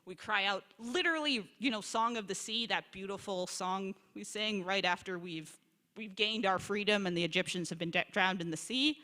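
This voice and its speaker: Bright-voiced woman teaching in a hall. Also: mid-range voice, moderate pace. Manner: lively, conversational, acts out quoted complaints. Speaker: scholar in residence lecturer. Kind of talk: informal Bible teaching talk. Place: congregation sanctuary or hall. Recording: long reverb of a large hall.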